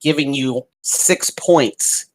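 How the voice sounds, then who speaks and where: A man's voice: medium pitch, takes it slowly, poor audio. A man narrating as dungeon master, describing the scene vividly and rambling with fillers. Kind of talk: narrating a tabletop game.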